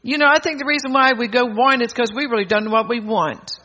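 A man's voice: extremely high pitch, fast talker, pushed and bright. An older man preaching a sermon, bold and exhorting, chuckling between phrases, on a dull lo-fi recording.

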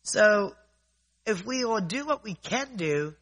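A man's voice: sits high, animated, slow pace, fairly bright tone, low-quality recording. A man preaching informally in a conversational way, often checking in with his listeners.

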